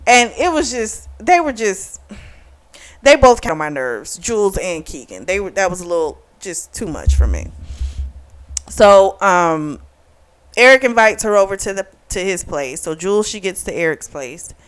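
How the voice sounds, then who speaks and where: A woman reviewing a book in a casual vlog. She retells the plot frankly with swearing and lively asides, and acts out the characters' lines in animated bursts. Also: medium pitch, moderate pace. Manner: candid, profane, opinionated retelling.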